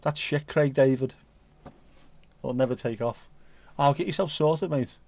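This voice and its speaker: This is a man hosting a relaxed livestream, wandering from one aside to the next with slang and the odd swear word. His voice sits in an ordinary middle pitch. The sound is dry and close, with no room echo. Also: unhurried, vocal fry. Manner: rambling, jokey and sweary, full of British slang. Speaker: livestream host. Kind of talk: casual livestream chat, reading out viewer messages.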